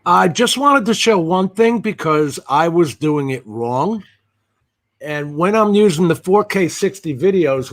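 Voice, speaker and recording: Guy on a video call, slightly high voice, dry blunt jokes. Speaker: panel guest. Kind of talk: casual panel chat.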